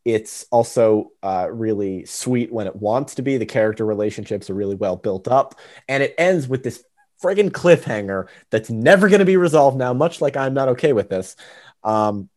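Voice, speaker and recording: A man's voice: mid-range voice, expressive, normal speed, darkish tone. A young man hosting a podcast, chatting casually with many fillers and restarts. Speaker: podcast host. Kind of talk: casual chat.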